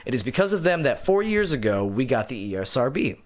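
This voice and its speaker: Male podcast co-host with a lively, swooping pitch. He jokes and swears as he reads out letters. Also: quick pace. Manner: joking, profane, trails off mid-sentence. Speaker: podcast co-host reading old magazine letters. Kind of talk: casual chat.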